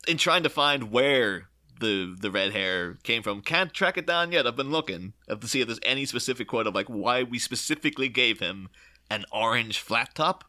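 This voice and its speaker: A man's voice: medium pitch, normal speed. A man hosting a casual film podcast, acting out lines as he talks. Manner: animated, acts out quotes. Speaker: podcast host.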